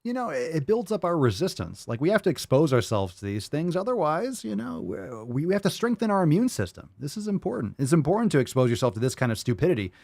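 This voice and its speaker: A man's voice: on the high side, big pitch swings, fast, vocal fry, few pauses, darkish tone, no room sound. A man hosting a podcast, reacting to clips with profane, sarcastic mockery. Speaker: podcast host. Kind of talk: casual reaction commentary.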